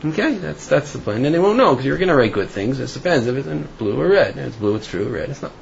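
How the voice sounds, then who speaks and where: A man's voice: mid-range voice, big pitch swings, quick pace, creaky. A man teaching an informal Torah class, talking in a chatty storytelling way with fillers. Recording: dull lo-fi recording with faint noise.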